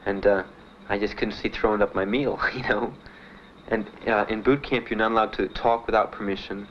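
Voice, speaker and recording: A young man giving halting, plain spoken testimony as a war veteran, with many pauses and fillers. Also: on the low side, steady tone, fairly bright tone. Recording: muffled 1970s archive recording with faint hiss.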